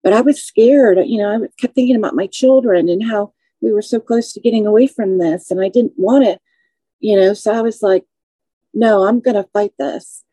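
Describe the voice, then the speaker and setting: A woman in her forties, a podcast guest, telling her personal story slowly and with emotion. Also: medium pitch, warm tone, breathy edge, no echo, rough recording. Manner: measured, slow, emotional recounting.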